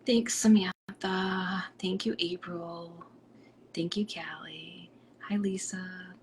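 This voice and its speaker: A woman from Rhode Island, hosting a live stream as a psychic medium, chatting and reading out viewer comments in a bubbly way that drops into soft whispers. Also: on the low side, steady tone, slow pace, a little hiss or hum.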